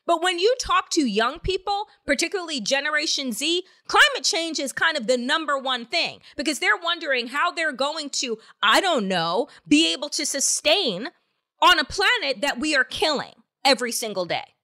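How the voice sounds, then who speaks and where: Heavy swearing and rhetorical questions fill the angry, opinionated political commentary of this woman podcast host. Her voice is high-pitched, very animated and pushed and bright, at a normal speed.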